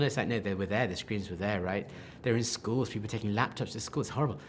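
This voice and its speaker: A man, a film director, answering interview questions with enthusiastic, animated talk full of restarts and quoted asides. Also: on the low side, quick pace, hardly any pauses, a little hiss or hum.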